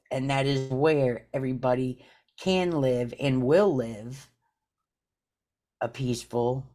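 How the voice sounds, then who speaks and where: Brief: woman guest, casual spiritual chat, very low pitch, slow and meandering. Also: a little mellow. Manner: rambling, many "you know" fillers. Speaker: podcast guest.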